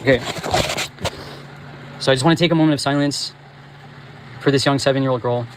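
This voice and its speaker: A man hosting his channel, ranting angrily with heavy swearing and breaking into yells, talking to viewers as he walks. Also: medium pitch, steady tone, fairly quick, slight background noise, low-quality recording. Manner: angry, profane, yelling at times; talks while walking. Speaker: channel host. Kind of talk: ranting livestream monologue.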